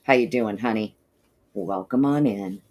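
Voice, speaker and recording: Low-energy woman greeting livestream chat. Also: measured pace, darkish tone, muffled recording. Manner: greets chat viewers by name with pet names; frequent throat clearing. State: low energy, not feeling peppy. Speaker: livestream host.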